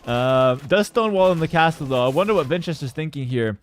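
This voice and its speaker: A man casting a strategy game tournament live, casual and opinionated, breaking into excited shouts at big plays. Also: a little high, a little fast. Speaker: esports caster.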